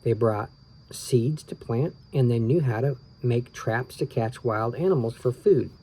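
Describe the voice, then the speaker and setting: A man reading a children's book aloud, relaxed and tired, stopping for small asides and rereading his slips. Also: mid-range voice, unhurried, a little hiss or hum, low-quality recording. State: tired, yawning. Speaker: reader of children's books.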